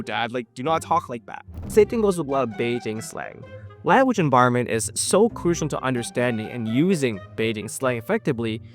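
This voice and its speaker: A narrator and language teacher giving scripted explainer narration in a playful, jokey way. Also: mid-range voice.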